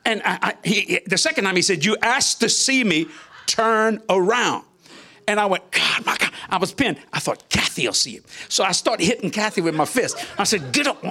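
An older man, a minister guest, telling a personal testimony in an interview, animated, chuckling often and acting out the voices he quotes. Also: high-pitched, moderate pace.

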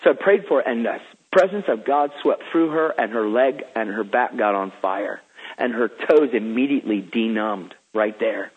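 A man's voice: mid-range voice, normal speed, slightly rough. A man who is a guest minister, telling stories in an eager, emphatic, preacherly way. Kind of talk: enthusiastic storytelling. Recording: phone-like radio line.

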